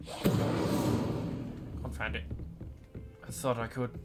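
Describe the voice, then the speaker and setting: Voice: mid-range voice, animated, measured pace, over loud music. A streamer giving playful, joking commentary while playing a video game, at times in a mock posh voice. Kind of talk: casual let's-play commentary.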